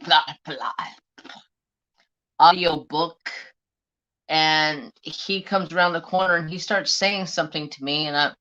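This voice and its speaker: A man's voice: on the high side, bright, forceful tone, lo-fi sound. A man hosting a crafting live stream, telling stories in casual, profane chat. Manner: chatty, profane storyteller.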